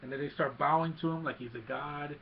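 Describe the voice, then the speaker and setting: A man excitedly recapping a movie scene by scene, mixing in sound effects and quick character quotes. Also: on the high side, creaky, lo-fi sound, slight background noise. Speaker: movie reviewer.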